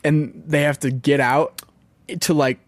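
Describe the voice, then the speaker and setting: A man's voice: fairly high pitch, level tone, a little slow, dry recording. A young man with a slight lisp, chatting casually as a podcast co-host, rambling, laughing and stumbling over his words. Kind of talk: casual chat.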